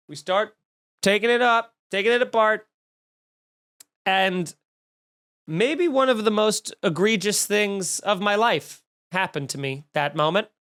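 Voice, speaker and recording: A man in his thirties, a comedian on his own podcast, rants through a story with mounting mock outrage. He swears freely, piles up repeated words and swings between deadpan asides and loud indignation. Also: sits high.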